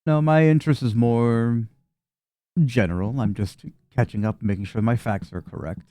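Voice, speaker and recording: A man voicing a mysterious, impossibly tall stranger who speaks calmly and courteously in a tabletop game. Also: mid-range voice, moderate pace, no echo, clean studio sound, close to an everyday voice. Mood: polite.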